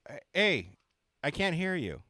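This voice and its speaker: A man co-hosting a casual talk radio show, halting and stammering as he talks. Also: a little high, sing-song, bright, forceful tone, no echo, studio quality. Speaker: co-host.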